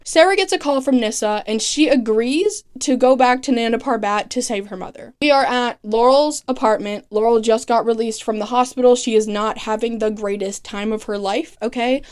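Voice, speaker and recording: A woman's voice: fairly high pitch, darkish tone, clear, resonant tone. A young woman casually recapping a TV season with chatty, sarcastic commentary, peppered with "like" and "okay". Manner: chatty, sarcastic, lots of 'like' and 'okay'. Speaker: recap host. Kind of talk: casual comedic recap narration.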